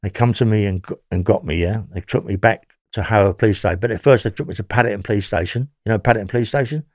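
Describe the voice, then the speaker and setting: A man's voice: fairly low pitch, fast talker, dry recording, clean studio sound. A man with a London accent telling his story as an interview guest, rambling and often checking in with "yeah?".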